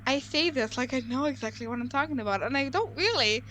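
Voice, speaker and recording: A woman playing through a visual novel, reading its text aloud and stopping to ramble earnestly about it. Her voice sits fairly high and she often corrects herself mid-sentence. A faint hum of noise sits under her voice. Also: animated, quick pace, fairly bright tone. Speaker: game streamer. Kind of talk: casual let's-play commentary and narration.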